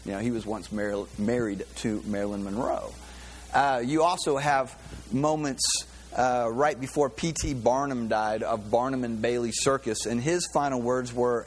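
A pastor giving a sermon in a loose, conversational way, with many fillers and restarts. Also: male voice, mid-range voice, normal speed, slight background noise. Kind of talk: sermon with a joke.

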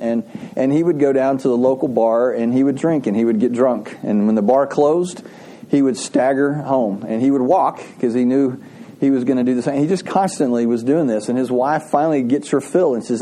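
A man's voice: medium pitch, mellow. A man preaching a sermon, telling a folksy joke and asking the congregation questions. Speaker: pastor.

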